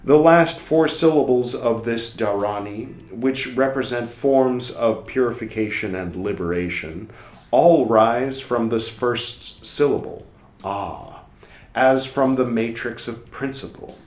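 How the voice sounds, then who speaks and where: A man reading a book aloud for a podcast, carefully and deliberately, now and then adding wry muttered asides. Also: medium pitch, darkish tone. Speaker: podcast reader. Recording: roomy echo.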